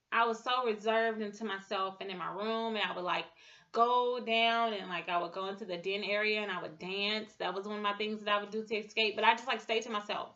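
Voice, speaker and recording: A woman in her thirties giving an emotional personal testimony, halting and full of fillers and restarts. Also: on the high side, bright, forceful tone, muffled recording. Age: 30s. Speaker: speaker sharing a personal testimony.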